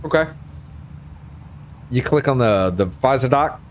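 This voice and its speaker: Tipsy man, animated and emphatic. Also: mid-range voice, a little slow, slight background noise. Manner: emphatic, argumentative, swears freely. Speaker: host. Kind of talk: casual conversation.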